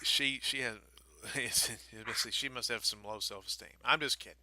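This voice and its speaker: A man from Baltimore co-hosting a wrestling podcast, joking and teasing in animated casual banter. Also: mid-range voice, moderate pace, no echo.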